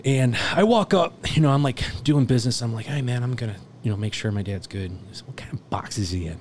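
A man telling a personal story in casual chat, animated and swearing, swinging from loud laughter to hushed near-whispers. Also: medium pitch, fast, a little hiss or hum. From South Texas.

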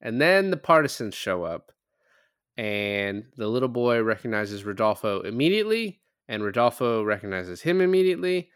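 A man's voice: medium pitch, sing-song, moderate pace, a bit bright, smooth, no echo. A man co-hosting a podcast, chatting casually through a film review with dry, sarcastic humor. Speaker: podcast co-host.

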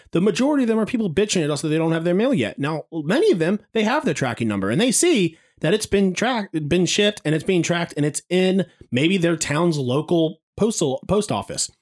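Man, casual co-host. Exasperated ranter with an expressive pitch. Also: brisk. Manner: ranting, exasperated. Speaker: podcast co-host who works in retail. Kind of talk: casual chat.

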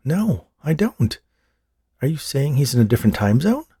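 A woman's voice: a bass voice, big pitch swings, normal speed, dark tone, slightly rough, voice pushed up, exaggerated voice. A man voicing an anxious, hopeful older mother who pleads in a raised voice, in an audiobook. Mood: agitated.

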